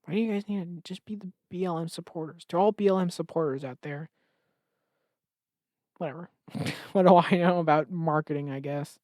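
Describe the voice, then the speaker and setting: A man's voice: on the high side, steady tone, fairly quick, darkish tone, no echo, clean studio sound. A man hosting a solo comedy podcast, rambling sarcastically and often cutting himself off. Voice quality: rambling, sarcastic, self-interrupting. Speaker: podcast host.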